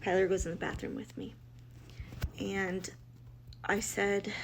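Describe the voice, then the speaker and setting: A woman's voice: medium pitch, flat delivery, measured pace, slight background noise. Blunt, emotional woman telling a story. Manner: emotional, blunt, quotes others in dialogue, many restarts. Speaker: mother telling her family's story. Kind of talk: personal storytelling.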